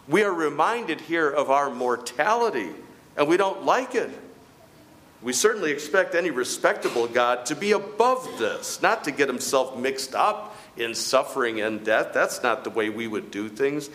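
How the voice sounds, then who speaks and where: A man's voice: medium pitch, animated, moderate pace, a bit bright. A man preaching a sermon in an emphatic, rhetorical way, repeating words for stress.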